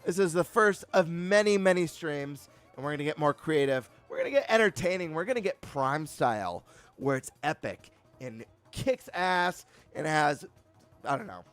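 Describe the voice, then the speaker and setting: A man hosting a live stream, chatting casually and greeting viewers with excited energy. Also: on the high side, normal speed, clean tone, soft background music.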